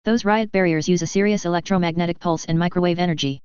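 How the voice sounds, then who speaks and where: A woman voicing a sly male tech who explains things in a matter-of-fact way, in a clear voice. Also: lowish voice, steady tone, fast, a little mellow, no echo, muffled recording, lightly acted. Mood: explaining.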